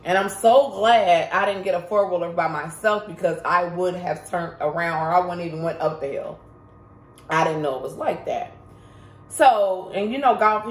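A woman telling a story to her viewers in a casual vlog, chatty and emphatic, talking straight to the audience. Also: lowish voice. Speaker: vlogger. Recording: roomy echo.

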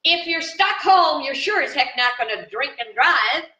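A woman giving an informal live spiritual talk to viewers from her home in the country, chatty and animated, with fillers. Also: high-pitched, normal speed. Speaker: spiritual teacher. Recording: dull, roomy sound from a distant mic.

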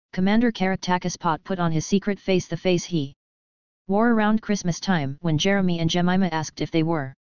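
A woman narrates a children's storybook in a steady, even reading. Her voice sits fairly low and is very clean and smooth. The recording is close and dry, with a slightly dull, lo-fi sound. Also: no room sound. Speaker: audiobook narrator.

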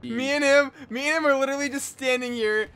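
A man commentating his gameplay, laughing often and breaking into excited high outbursts. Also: fast talker, a little hiss or hum. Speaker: gaming YouTuber.

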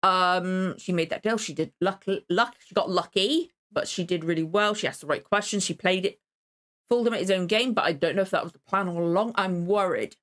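A young adult woman hosting a casual reaction video, who rambles and repeats herself, then breaks into excited exclamations. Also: on the low side, fairly quick. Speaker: YouTube reaction host.

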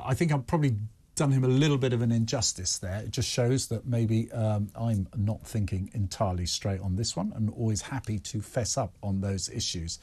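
A man's voice: medium pitch, a little mellow, slightly rough. A man hosting a talk-radio phone-in with British English speech, chatting candidly and correcting himself as he goes. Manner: conversational, candid, self-correcting. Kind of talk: casual talk-radio chat with callers.

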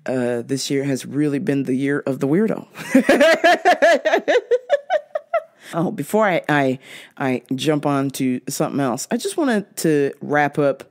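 Profane ranting woman, lively pitch. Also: moderate pace. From half Jamaican. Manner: profane, blunt, animated ranting with laughs. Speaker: podcast host. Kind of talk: casual ranting monologue.

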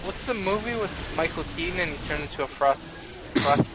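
A young man giving relaxed live co-op gameplay commentary and joking with friends. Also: fairly high pitch, fairly quick, heavy background noise. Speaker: gamer.

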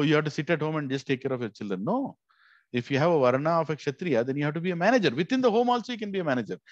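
A man's voice: fairly high pitch, no room sound, lo-fi sound. Indian man teaching a scripture class. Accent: Indian English. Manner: conversational, leads call-and-response recitation. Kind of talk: devotional scripture class lecture.

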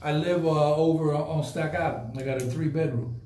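Man, podcast host, emphatic, repeats himself, somewhat high voice, echoey room. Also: moderate pace, few pauses. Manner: animated, emphatic, repeats points for effect. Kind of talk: casual live podcast talk.

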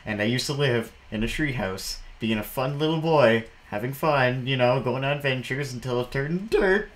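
A man's voice: medium pitch, moderate pace, few pauses, rough recording. Rambling young man narrating a game. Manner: jumpy, rambling, shrieks when startled. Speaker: gameplay commentator. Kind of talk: casual gameplay commentary.

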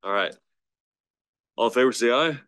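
A man's voice: medium pitch, normal speed, a bit bright, clear, resonant tone. A man chairing a public committee meeting, brief and procedural, heard from a distant mic.

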